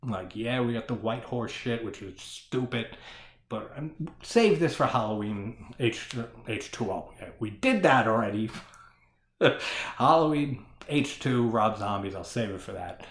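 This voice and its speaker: A man's voice: medium pitch, lively intonation, measured pace. Profane ranting man in an echoey room. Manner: profane, ranting, laughs often. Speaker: horror film reviewer. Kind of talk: casual solo movie discussion.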